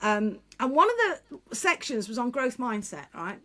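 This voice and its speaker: A middle-aged woman with a fairly high voice talks as an interview guest, a speaker and one-time teacher. She tells her stories frankly and bluntly, breaking into laughter, restarting her sentences and letting a mild swear word slip in. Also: very animated, normal speed, pushed and bright. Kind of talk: casual interview storytelling.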